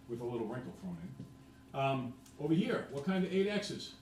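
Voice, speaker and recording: Man, math teacher, classroom lecture, mid pitch, faint background noise. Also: very animated, moderate pace, a little mellow. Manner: lecturing students, then working problems with the class.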